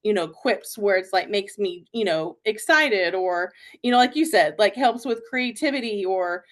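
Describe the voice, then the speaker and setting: A woman's voice: mid-range voice, moderate pace. A young adult woman hosting a podcast, chatting casually in a rambling way with lots of fillers and giggles. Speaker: podcast host. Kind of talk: casual chat.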